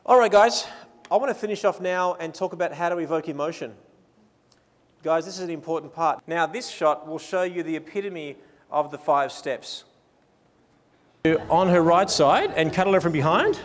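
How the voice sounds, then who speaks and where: A man's voice: fairly high pitch, animated, normal speed, big-room sound. An Australian man presenting a photography seminar in a casual, enthusiastic, playful way, mixing talk with live posing directions.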